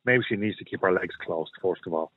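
A man's voice: sits low, fairly quick. Blunt man on a phone line. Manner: blunt, storytelling, repeats himself. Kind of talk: opinionated radio chat.

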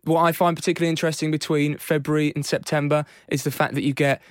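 A man's voice: on the high side, flat delivery, quick pace, no room sound, clean studio sound. A man hosting a podcast, chatty and playfully teasing his co-host. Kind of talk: casual podcast chat.

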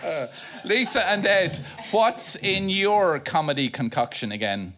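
A man hosting a live comedy show, briskly introducing the teams to the audience. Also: sits high, big pitch swings, a bit bright. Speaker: host. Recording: crowd and noise in the room.

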